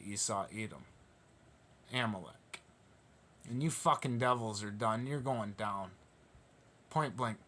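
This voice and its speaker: A man preaching a Bible study sermon, passionate and emphatic, repeating phrases for stress and reading scripture slowly and deliberately. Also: mid-range voice, a bit bright, slight background noise. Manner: emphatic and repetitive, with slow drawn-out scripture reading; passionate, stirred up.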